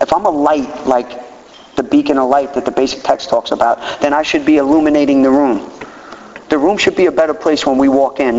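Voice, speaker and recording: A man's voice: medium pitch, slight background noise. A man in his fifties speaking candidly and earnestly at a recovery meeting, sometimes acting out quotes in a raised voice. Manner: animated, acts out quotes in a raised voice. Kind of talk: recovery share talk. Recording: roomy hall, dull lo-fi audio.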